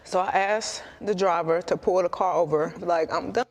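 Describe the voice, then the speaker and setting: A woman giving a television interview, calmly recounting a night and quoting what people told her. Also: fairly low pitch, normal speed.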